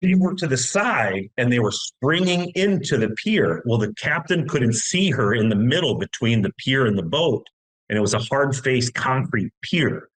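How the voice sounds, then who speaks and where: A man's voice: medium pitch, expressive, normal speed, fairly bright tone, low-quality recording. A middle-aged American man telling a long story in casual talk, long-winded with many restarts. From United States. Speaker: podcast guest.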